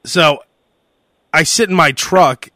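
A young man hosting a casual podcast, telling a story in a lively way and acting out the shouting of the people in it. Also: fairly high pitch, slow, no echo, clean studio sound. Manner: animated storyteller who acts out shouted quotes. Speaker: podcast host.

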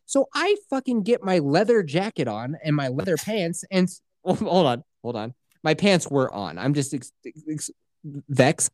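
Lively, swearing man telling a rambling story. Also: on the high side, a little slow, no room sound, clean studio sound. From Colorado, USA. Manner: profane, rambling, laughs through his own story. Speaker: podcast host. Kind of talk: casual storytelling chat.

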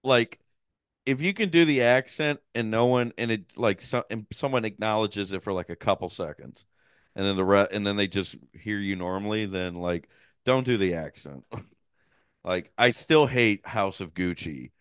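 A man's voice: lowish voice, normal speed, fairly bright tone, smooth, dry recording, clean studio sound. A man co-hosting a podcast in casual chat, crude and laughing a lot, often slipping into mocking voices. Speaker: podcast co-host.

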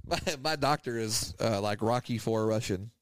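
A man's voice: fairly low pitch, normal speed, smooth. A man, co-hosting a podcast in casual chat, rambling through funny stories and laughing often. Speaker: podcast co-host.

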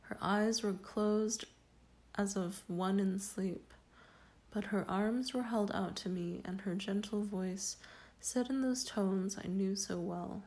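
A woman narrates an old first-person tale in a slow, measured way. Her voice is mellow and dark, with a solemn, dramatic reading pace. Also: medium pitch. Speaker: reader.

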